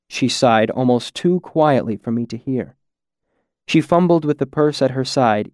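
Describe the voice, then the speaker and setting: A man reading a first-person story aloud in a measured way, dropping quieter on the darker lines. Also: medium pitch, no room sound, studio quality. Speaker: audiobook narrator. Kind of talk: scripted first-person narration.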